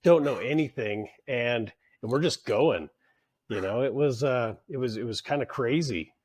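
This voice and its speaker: A man guesting on a podcast, telling work stories in a casual, animated way, acting out the people he quotes and swearing freely. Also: medium pitch, normal speed, husky. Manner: animated storyteller who acts out quoted bosses, swears freely. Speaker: podcast guest, union leader. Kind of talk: casual interview storytelling.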